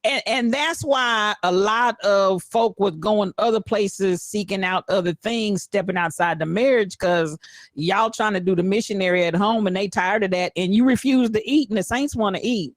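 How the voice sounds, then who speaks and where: A woman co-hosting a casual talk show, lively and emphatic, quick to react. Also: mid-range voice, no echo, studio quality. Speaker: co-host. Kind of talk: casual chat.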